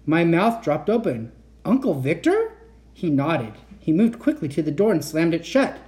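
A man's voice: fairly high pitch, expressive, moderate pace, a little mellow. A man reading a children's book aloud, narrating the story expressively and acting out the dialogue. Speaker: reader of children's books.

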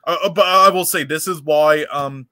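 A man with a bright, mid-pitched voice, rambling through esports chatter with profanity and many fillers. The recording is dry and close. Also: normal speed, smooth, dry recording. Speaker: podcast co-host. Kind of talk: casual esports chat.

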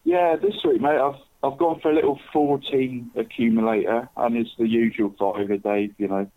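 A male podcast co-host and football tipster chats casually, rambling and calling everyone "mate". His mid-range voice is gravelly, with big pitch swings and normal speed, heard over a tinny, phone-like line.

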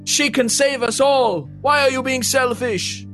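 A man doing a high, desperate village mob. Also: unhurried, fairly bright tone, faint music behind. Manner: high, strained chanting. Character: chanting frightened village mob.

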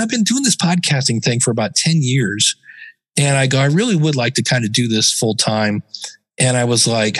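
A middle-aged man tells his story as a guest in a casual interview, with an ordinary mid-range voice. He talks chattily and slips into lively put-on voices when quoting other people. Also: mid-range voice. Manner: chatty, acts out quoted people in animated voices. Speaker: podcast guest.

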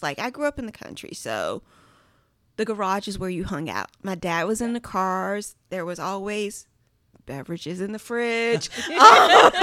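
A woman's voice: medium pitch, pushed and bright, no echo. Woman, earnest, casual storytelling, dry close sound, mid-range voice. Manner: earnest, many "like" fillers. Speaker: guest sharing a personal story. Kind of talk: casual chat, heartfelt storytelling.

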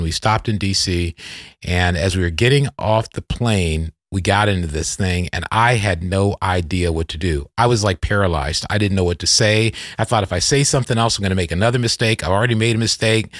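With a lowish voice captured in clean studio sound without room ambience, a middle-aged man hosts a podcast. He reflects conversationally on a personal story, self-correcting along the way, then turns to interviewing his guest.

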